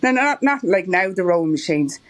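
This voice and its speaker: A woman's voice: lowish voice, sing-song, a little fast. Irish lady guest, middle-aged, rambly casual chat, laughs a lot. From Ireland. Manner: chatty, rambling, laughs often. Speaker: marathon runner guest.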